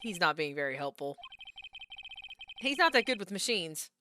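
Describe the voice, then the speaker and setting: A woman's voice: lowish voice, big pitch swings, normal speed, noisy background. A woman with a Southern US accent, chatting casually with laughing asides while streaming a game.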